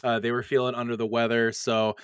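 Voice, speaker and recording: A man hosting a gaming livestream in an upbeat, hurried way. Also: medium pitch, monotone, a bit bright, clear, resonant tone, no echo, clean studio sound. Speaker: host. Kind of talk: casual stream hosting.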